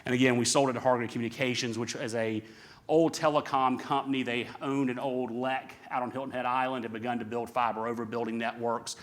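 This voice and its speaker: Man, middle-aged, seminar speaker, rapid delivery, emphatic, rhetorical questions. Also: medium pitch, level tone. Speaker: conference speaker. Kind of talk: live seminar talk.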